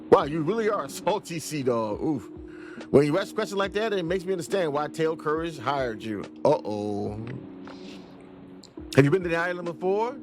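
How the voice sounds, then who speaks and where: A man's voice: fairly high pitch, animated, fairly quick. A man casually reviewing an indie game and reading its dialogue aloud in a playful way. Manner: playful, reads game dialogue in silly voices. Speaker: let's play reviewer. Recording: game music playing behind voice.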